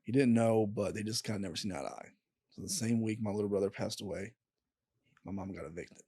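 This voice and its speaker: A young man, a podcast guest, telling a painful personal story in a candid, halting way and swearing freely. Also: lowish voice, mellow, husky, no room sound, studio quality. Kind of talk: casual storytelling.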